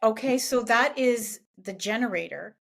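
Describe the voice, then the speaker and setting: A woman hosting a podcast interview in casual chat, who listens with short acknowledgements and quick laughs and then asks her questions. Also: fairly high pitch, vocal fry. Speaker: podcast host.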